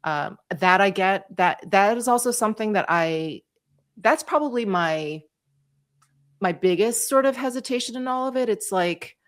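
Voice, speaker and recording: A woman's voice: mid-range voice, animated, moderate pace. A woman in her forties co-hosting a podcast, talking in a casual, hesitant way and searching for her words. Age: 40s. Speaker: podcast co-host. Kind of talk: casual chat.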